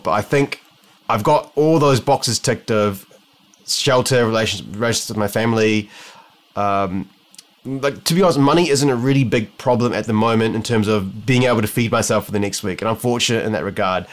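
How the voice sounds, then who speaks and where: A young man speaking candidly in a casual, reflective monologue, thinking aloud as he goes. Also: mid-range voice. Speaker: vlogger.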